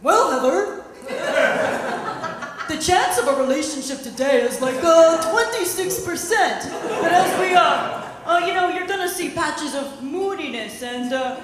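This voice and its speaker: A woman voicing her weatherman boyfriend, halting through a forecast with lots of "uh" in a stand-up routine. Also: very high-pitched, expressive, voice pushed up. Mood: deadpan forecast. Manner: halting forecast patter full of "uh". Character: bumbling male TV weatherman boyfriend. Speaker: comedian. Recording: echoey club hall with crowd noise.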